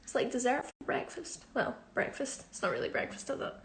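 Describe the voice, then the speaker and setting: Recorded in an echoey room, a young musical theatre performer answers a social media Q&A on her phone in a giggly, self-deprecating, casual way. Her fairly high voice swings widely in pitch, moves fairly quickly, and has vocal fry.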